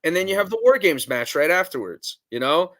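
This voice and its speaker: A man's voice: on the high side, big pitch swings, fairly quick, fairly bright tone, no echo. A man co-hosting a wrestling podcast, chatting casually and bluntly, swearing freely as he speculates about the card. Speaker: podcast co-host.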